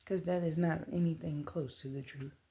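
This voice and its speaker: A woman in her thirties telling a personal story to the camera, earnest and animated as she retells it. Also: sits low, normal speed, slight background noise. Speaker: vlogger.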